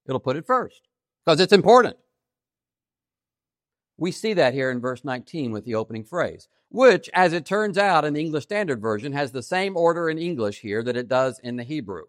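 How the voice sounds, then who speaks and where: A man preaching a sermon, stressing key phrases by repeating them and swinging between loud emphasis and quiet asides. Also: a little high, big pitch swings, normal speed, no room sound, studio quality. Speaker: pastor.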